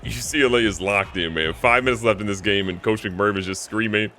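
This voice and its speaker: Male gaming creator, lively play-by-play with sudden loud outbursts, bright tone, faint noise. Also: fairly quick. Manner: animated, jokey, swings between loud outbursts and low mutters. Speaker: gaming YouTuber. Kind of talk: excitable video game commentary.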